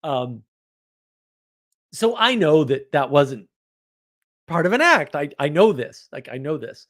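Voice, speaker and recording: A man telling an anecdote in a casual monologue, animated, often laughing and full of fillers and restarts. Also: a little high, slow. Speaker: host.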